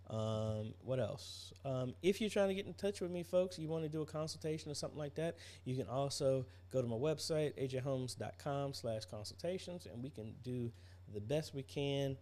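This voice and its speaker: A man's voice: mid-range voice, warm tone. A tired man hosting a casual live stream, chatting and greeting viewers by name with lots of fillers. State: tired, yawning. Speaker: livestream host. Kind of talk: casual livestream chat.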